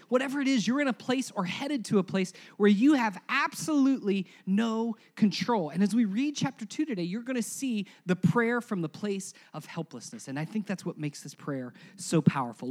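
Animated man preaching a sermon. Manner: animated preaching, swings between loud emphasis and hushed lows; conversational, asks the congregation to repeat words. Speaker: pastor. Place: church before a congregation.

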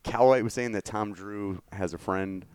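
A man's voice: fairly low pitch, normal speed, a little mellow, smooth, no echo. A man co-hosting a podcast in casual chat, making dry joking asides. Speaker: podcast co-host.

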